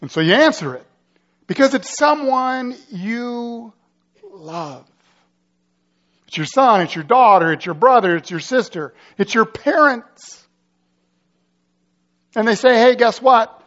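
High-pitched male pastor preaching, dramatic, lots of questions, kinda dull lo-fi sound. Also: animated, takes it slowly, pauses often, fairly bright tone. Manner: dramatic, builds urgency with rhetorical questions. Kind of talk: sermon.

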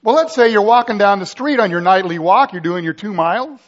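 A male pastor delivers a sermon in a high, ringing voice. He builds drama through rhetorical questions and urgent, vivid scenarios, rising and dropping for effect. The recording sounds dull and lo-fi. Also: expressive, brisk.

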